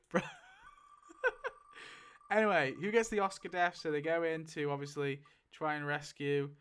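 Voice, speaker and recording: A man hosting a casual online chat, excitable, laughing often and swearing freely. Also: a little high, unhurried, pauses often, clear, resonant tone. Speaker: YouTube host.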